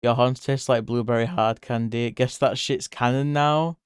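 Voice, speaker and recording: Man, live-stream chat while drawing, giggly, swears, crisp clear voice, dry close sound. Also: normal speed, no room sound. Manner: giggly, swears freely, jumps to high excited squeals.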